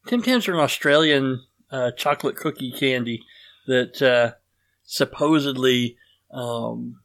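A man's voice: medium pitch, a little slow, gravelly, fairly bright tone. A man hosting a casual podcast, rambling and self-deprecating, with lots of fillers and restarts. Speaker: podcast host.

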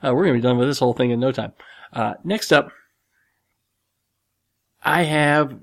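Retelling a tale on his own podcast, this man wanders through it casually, restarting often and drifting into side remarks. He speaks at a normal pace in a mid-range voice, recorded without echo.

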